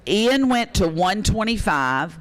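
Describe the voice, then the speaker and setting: A man calls bids at a charity auction, excitable and joking as he urges bidders on. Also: high voice, slow. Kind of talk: live auction calling.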